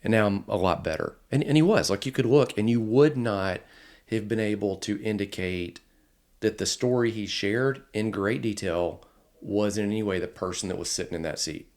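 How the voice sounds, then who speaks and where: A man's voice: lowish voice, normal speed. A man telling a story in casual podcast chat, acting out the people he quotes. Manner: animated, quotes others in lively voices. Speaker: podcast host, instructor.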